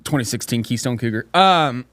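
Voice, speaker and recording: A man's voice: mid-range voice, expressive, moderate pace, fairly bright tone, no echo. A man co-hosting a podcast in casual chat, crude and laughing, acting out voices as he tells stories. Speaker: podcast co-host.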